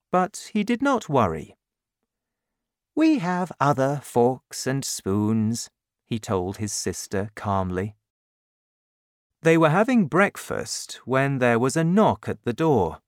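Brief: slow storybook narrator, lively pitch, dry close sound. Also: no room sound. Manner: slow, expressive, clearly paced reading.

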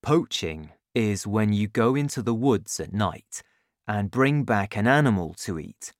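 Gentle patient dad read by the narrator, slow and lilting, dry close sound. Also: medium pitch, lively intonation, no room sound, natural voice. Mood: calm, earnest. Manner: slow, measured storytelling delivery. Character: patient, gentle adult father. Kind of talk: audiobook reading.

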